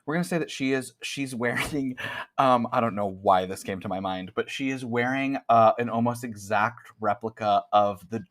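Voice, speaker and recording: A man running a tabletop horror game as game master, relaxed and chatty with laughing asides. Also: mid-range voice, moderate pace.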